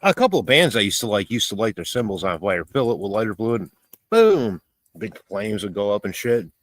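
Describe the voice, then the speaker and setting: Chatty man with a lively voice. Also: on the low side, fast talker. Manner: chatty, reads viewer comments aloud, laughs often. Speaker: live streamer. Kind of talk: casual live-stream chat while cooking.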